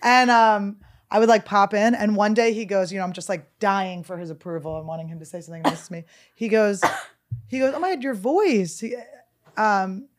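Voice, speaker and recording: A woman with a raspy voice, co-hosting a podcast and telling stories in casual chat. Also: mid-range voice, fairly quick. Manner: animated, jokey storytelling. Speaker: podcast co-host and comedian.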